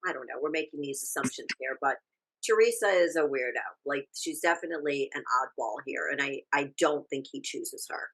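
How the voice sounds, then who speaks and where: Low-voiced woman chatting casually. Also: brisk, a bit bright, poor audio. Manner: chatty, opinionated, trails off with restarts. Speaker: podcast co-host. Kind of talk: casual chat recapping a TV show.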